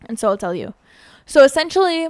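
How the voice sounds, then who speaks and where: A high-voiced American woman in her twenties, with big pitch swings and a slightly fast pace, chats on her own podcast. The talk is casual and solo, and she is earnest and chatty, often saying "like" and starting over.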